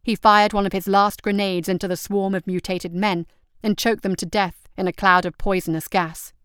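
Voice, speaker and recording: A woman's voice: medium pitch, level tone, normal speed, fairly bright tone, clean tone, no room sound, studio quality. A woman reading out an action story as narrator, telling it steadily and vividly.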